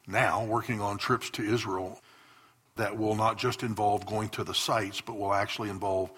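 This pastor's voice sits on the low side, husky yet fairly bright. Addressing his congregation in the church hall, he tells stories during his sermon, stressing points with earnest bursts.

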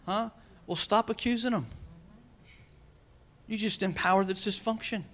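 A man's voice: high voice, measured pace, fairly bright tone. A male pastor giving a sermon in a conversational way, calling out to the congregation with questions. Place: church.

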